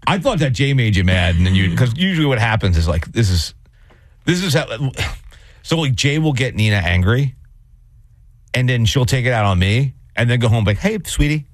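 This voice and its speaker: A man's voice: moderate pace, no room sound, studio quality. A man co-hosting a morning radio show, telling stories animatedly and teasing his co-host. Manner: animated storyteller, big pitch swings, playful teasing. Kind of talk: casual morning radio banter.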